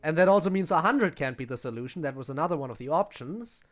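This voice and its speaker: A woman streamer chatting casually while playing a game, self-deprecating and quick to laugh. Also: low voice, animated. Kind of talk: casual gaming stream chat. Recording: faint game music behind.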